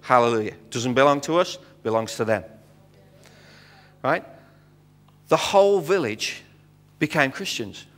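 British man, middle-aged missionary guest preacher; animated storyteller, mid-range voice, recorded in a reverberant sanctuary. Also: medium pitch, unhurried, pauses often. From Britain. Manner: animated storyteller acting out dialogue, frequent fillers. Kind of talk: storytelling sermon. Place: church sanctuary. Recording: long hall reverb.

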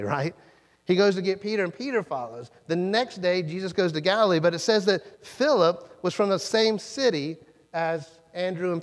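A man preaches a sermon in a church, his fairly high voice trailing off in a long reverb. He talks in a conversational way and acts out the lines he quotes with sudden leaps in pitch. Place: church sanctuary.

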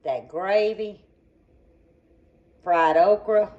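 A woman, chatting folksy and warm to her viewers while she cooks in her kitchen. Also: mid-range voice, very slow, highs cut off. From southern United States. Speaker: home cooking vlogger. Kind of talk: casual cooking demonstration. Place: home kitchen at the stove.

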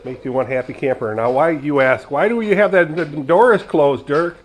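A man's voice: fairly high pitch, normal speed, breathy edge, poor audio. Rambling retired man chatting while frying fish. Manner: rambling, chatty, talks straight to viewers. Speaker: vlogger. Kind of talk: casual home cooking vlog. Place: home kitchen, indoors.

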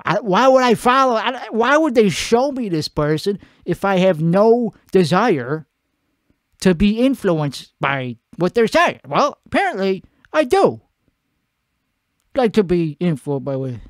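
A man with a put-on Italian-American accent rambles through a profane, self-mocking comedy monologue. His pitch swings up and down a lot. The sound is close and dry. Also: very animated, measured pace, no echo. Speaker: comedy show host. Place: home at night.

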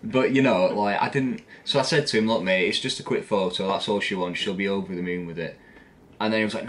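A young man with a Northern English accent tells a story on a casual podcast. His voice sits low and deep, and he rambles along with laughs between lines. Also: fast talker, a little hiss or hum. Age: young adult. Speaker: podcast co-host.

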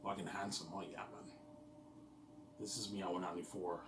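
Low-voiced rambling man vlogging. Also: little pitch movement, a little fast, roomy sound, distant mic, noisy background. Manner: rambling, profane, boastful. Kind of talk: casual rambling monologue to viewers.

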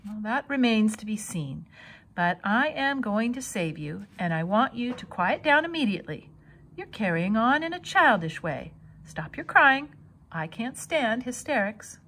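A woman voicing a calm, clever female spider who speaks briskly and firmly. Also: a little high, a little hiss or hum. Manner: brisk, firm.

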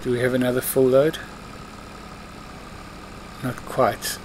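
A let's play host with an ordinary mid-pitched voice gives loose, casual commentary on his farming game, speaking slowly and flatly. He mutters to himself and scolds the game's clumsy drivers while an engine hums softly behind him. There's a little hiss or hum in the audio.

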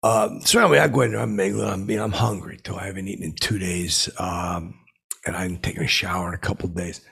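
A man telling a rambling comic anecdote, halting and full of fillers, with blustering asides. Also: low voice, fairly even intonation, creaky, fairly bright tone, husky. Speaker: storyteller.

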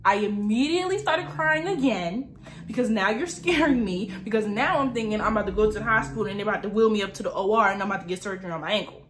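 A lifestyle vlogger from New Jersey in her early twenties talks at a quick pace, her medium-pitched voice full of lively intonation. Her story comes out chatty and dramatic, studded with filler words like "like."

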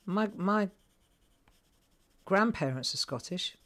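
A woman's voice: medium pitch, lively intonation, takes it slowly. A middle-aged woman hosting a live crafting tutorial, chatting to viewers and thinking aloud as she colours. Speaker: craft host.

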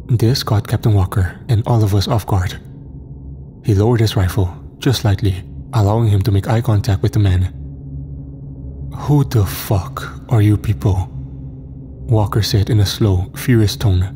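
A man narrating a military horror story in a steady, grim first-person telling. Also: lowish voice, normal speed, background noise.

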